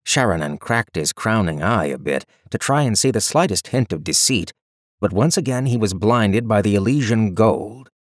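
A man giving scripted narration of a fantasy story in a steady storytelling manner. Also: lowish voice, moderate pace, no room sound, clean studio sound.

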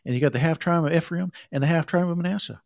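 A middle-aged man preaching a sermon, reading scripture and breaking off into conversational asides and quick acted quotes. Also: a little high, creaky, darkish tone. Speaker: pastor.

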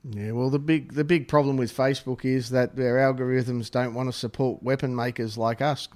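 A man's voice: medium pitch, steady tone, normal speed, darkish tone. Male podcast guest, mid-range voice, wry and exasperated. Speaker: podcast guest, knife supplier. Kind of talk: casual chat.

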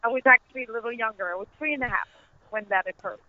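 A woman's voice: fairly high pitch, racing, no room sound. Middle-aged Dutch-accented woman, author guest, earnest storyteller; dry, thin phone-line sound. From Netherlands. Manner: earnest, storytelling, laughs easily. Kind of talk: conversational interview. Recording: tinny phone-line audio.

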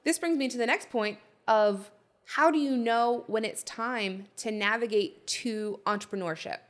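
A woman's voice: fairly high pitch, a little slow. A woman co-hosting a podcast, chatty and telling stories in casual conversation. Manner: chatty, storytelling. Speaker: podcast co-host. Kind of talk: casual chat.

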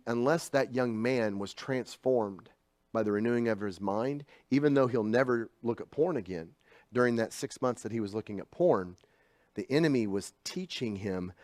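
Recorded with clean studio sound and no echo, a medium-pitched middle-aged man delivers a sermon like a story told in conversation. His volume swings from quiet asides to forceful, loud outbursts.

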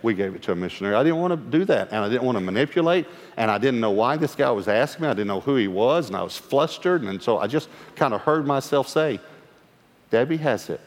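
A male pastor, telling a story from the pulpit with lively acted-out dialogue and sudden hushed asides. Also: medium pitch, quick pace, few pauses. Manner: animated storyteller acting out dialogue; drops to a hush for quoted lines. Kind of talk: storytelling sermon. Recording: long hall reverb.

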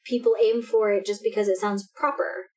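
A young woman chats from home over a headset mic, her voice mid-pitched and everyday. She rambles and restarts her sentences as she goes. She talks in an animated way. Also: a little fast, low-quality recording. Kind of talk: casual chat. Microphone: headphones with a mic.

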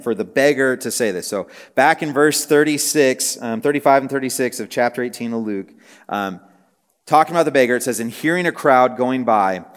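A man preaching a casual teaching sermon, his mid-pitched voice carrying a long reverb through the hall. He talks conversationally, full of "like" and "right?", then builds to emphatic, repeated phrases.

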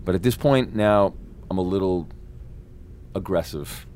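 A male actor, a guest on an interview show, telling a long anecdote in a profane, animated way. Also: low-pitched, unhurried, a little hiss or hum.

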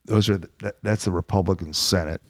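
A man with a lowish voice reads a bedtime story aloud in a playful way, dropping deadpan jokes between lines. The sound is very dry and close. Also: quick pace, no room sound.

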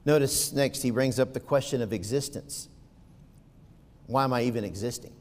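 Impassioned preacher in a reverberant church. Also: male voice, medium pitch, normal speed. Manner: impassioned, swings from quiet asides to loud peaks; rhetorical questions to the congregation. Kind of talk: sermon.

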